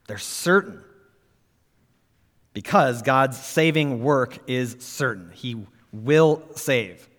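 Emphatic preacher in a reverberant hall. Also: male voice, mid-range voice, lively intonation, slow pace, long pauses, fairly bright tone. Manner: emphatic, rising on key words, rhetorical questions. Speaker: pastor. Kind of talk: sermon.

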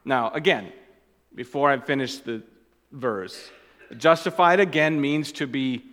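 A man preaching a sermon as pastor. He stresses and repeats key phrases, and his voice swings between loud and quiet. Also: a little high, in a large hall.

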